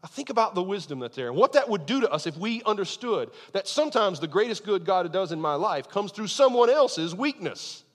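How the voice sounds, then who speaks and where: Animated male preacher in a reverberant church. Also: on the high side. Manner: earnest preaching, leaning into key phrases and slowing for emphasis. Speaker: pastor. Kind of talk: sermon. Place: church sanctuary. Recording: long reverb of a large hall.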